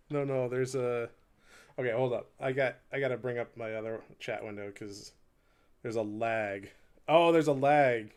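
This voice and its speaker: A man's voice: mid-range voice, level tone, normal speed. Rambling, self-mocking man live-streaming. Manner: rambling, self-deprecating, laughs often; talks while playing, counting beats aloud. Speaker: live streamer practicing an instrument. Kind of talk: casual live-stream chat with viewers. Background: faint hurdy-gurdy drone.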